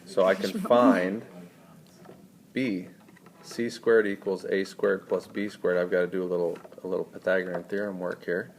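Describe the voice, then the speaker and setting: A man's voice: deep voice, flat delivery, normal speed, slight background noise. A man tutoring math in a screencast lesson, walking students through each step and quizzing them as he goes.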